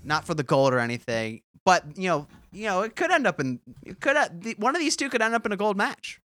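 A man co-hosting a comedy podcast in casual chat, animated and quick to laugh. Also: high voice, no echo. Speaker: podcast co-host.

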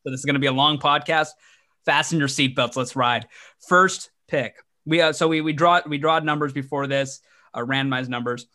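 A man hosting a casual sports podcast, talking in an energetic, joking, rambling way with restarts. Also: medium pitch, normal speed. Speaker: podcast host.

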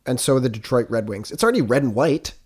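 Man, canadian, podcast co-host, playful riffing, mid pitch. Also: lively intonation, fast, darkish tone, breathy edge. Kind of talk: casual comedic chat.

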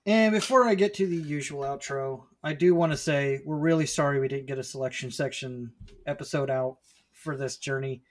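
A man's voice: mid-range voice, fairly quick. Male podcast co-host, jokey and self-deprecating, casual chat.

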